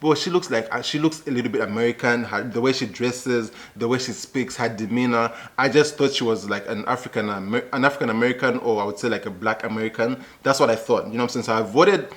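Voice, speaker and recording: A man's voice: mid-range voice, quick pace, few pauses, a bit bright. A young man with a thick Zambian accent, talking animatedly as a YouTube host reacting to a clip and checking in with the listener. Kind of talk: casual reaction commentary.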